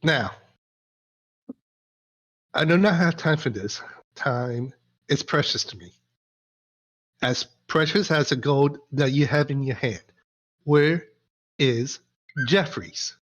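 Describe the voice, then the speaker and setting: A man voicing a self-important male businessman, speaking in a formal, measured, condescending way. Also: mid-range voice. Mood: impatient. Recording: dull lo-fi stream audio.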